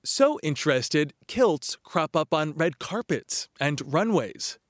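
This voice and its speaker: A man's voice: a little high, sing-song, dry recording. Male TV correspondent narrating a feature. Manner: measured, storytelling delivery. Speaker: TV news correspondent. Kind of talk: scripted news narration.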